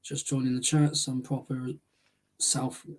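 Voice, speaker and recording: A man's voice: medium pitch, level tone, unhurried, creaky, darkish tone. A man hosting a podcast, chatting casually, laughing often and reading out comments from the chat. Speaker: podcast host.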